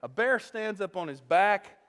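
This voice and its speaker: A male pastor preaching a sermon, animated as he tells a story and often checking in with "okay?". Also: high-pitched, a little slow, in a large hall.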